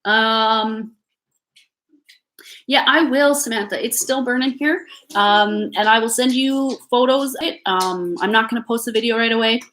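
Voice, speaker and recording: A woman's voice: fairly high pitch, measured pace, a bit bright, poor audio. A woman with a Canadian accent giving a live tarot reading at home, chatty and reassuring with many fillers and restarts. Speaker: tarot reader. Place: home with family noise nearby.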